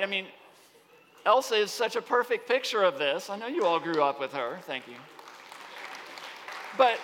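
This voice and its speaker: A man giving an animated talk to students on a campus, often asking the audience rhetorical questions. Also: high voice, normal speed, long pauses, a faint crowd, slight background noise. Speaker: speaker. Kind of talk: lecture-style talk to students. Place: large hall on a college campus. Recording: long hall reverb.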